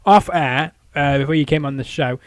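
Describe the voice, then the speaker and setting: A man's voice: a little high, normal speed, dry recording. A man hosting a casual interview show, rambling with many fillers and repeated "I think". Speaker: show host.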